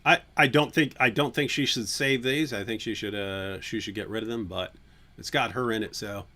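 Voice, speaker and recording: A man's voice: lowish voice, normal speed, sharp tone. Rambling man hosting a livestream. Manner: rambling, many fillers and restarts. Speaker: livestream host. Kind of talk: casual livestream chat.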